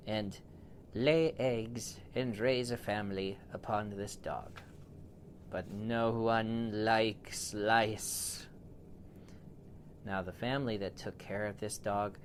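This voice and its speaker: A man improvising a bedtime story for a child, playful and animated, with big swings in loudness. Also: fairly low pitch, a little hiss or hum.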